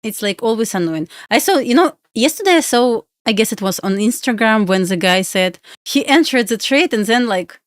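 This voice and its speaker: A woman's voice: fairly high pitch, lively intonation, moderate pace, few pauses, no echo. Woman, Russian accent, casual live-stream chatter, coaxing and playful, dry close sound. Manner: chatty, pleads with the chart, laughs often. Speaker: live day-trading streamer.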